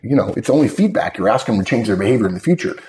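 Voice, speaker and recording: A man hosting a podcast, talking casually and emphatically, with sudden jumps in pitch and frequent restarts as he tells stories. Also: big pitch swings, rapid-fire, darkish tone. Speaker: podcast host. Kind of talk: casual podcast talk on management.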